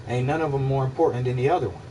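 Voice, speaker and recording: A man's voice: medium pitch, rapid-fire, dark tone. Guy on a stream rambling and cussing, mic kinda far off, little ac hum behind him. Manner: rambling, profane, repeats himself, asks listeners if they follow. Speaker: livestream host answering chat. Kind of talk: casual philosophical monologue.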